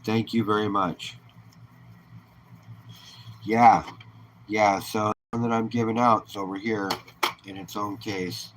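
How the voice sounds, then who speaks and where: Laid-back, low-voiced man chatting on a live stream. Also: fairly even intonation, slow, long pauses, slight background noise, low-quality recording. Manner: easygoing, chatty, greets viewers by name. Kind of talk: casual live-stream chat.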